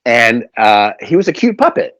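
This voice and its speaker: A man's voice: medium pitch, very animated, normal speed, fairly bright tone, dry recording. A man, a puppeteer and voice actor, chatting animatedly as an interview guest and filling his talk with fillers. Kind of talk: casual interview storytelling. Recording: slightly dull, dry recording.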